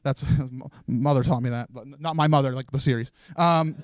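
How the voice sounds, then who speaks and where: In a live stream event room, a man hosts a charity event and hands out awards, nervously rambling and laughing through an emotional live speech. His voice is mid-range, at normal speed, with no echo. Faint music plays behind him.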